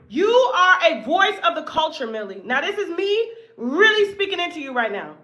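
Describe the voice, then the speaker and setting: A woman hosting her own show, giving blunt, profane commentary in a casual monologue that swings between loud outbursts and hushed asides. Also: very high-pitched, big pitch swings, moderate pace. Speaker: show host.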